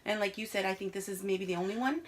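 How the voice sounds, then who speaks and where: Animated woman chatting with a cohost. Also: medium pitch, fast talker. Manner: animated, swears freely, drops in Spanish words. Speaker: podcast co-host. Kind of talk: casual chat.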